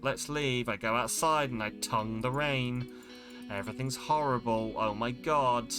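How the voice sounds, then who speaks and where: A man's voice: mid-range voice, a little slow, music in the background. Man dramatically reading horror game text. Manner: dramatic reading mixed with startled exclamations. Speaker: streamer. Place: home streaming setup.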